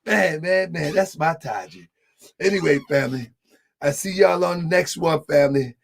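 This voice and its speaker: A man's voice: a little high, moderate pace, vocal fry, slight background noise. A man hosting an online show, talking casually to viewers he calls family and laughing often. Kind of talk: casual livestream talk.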